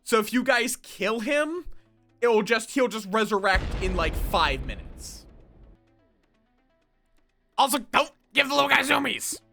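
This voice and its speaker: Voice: mid-range voice, lively intonation, measured pace, creaky, long pauses, sharp tone, faint music behind. A streamer in casual live-stream chat while gaming, rambling and cutting themselves off mid-thought as they talk to viewers. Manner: rambling, self-interrupting, chatty with viewers.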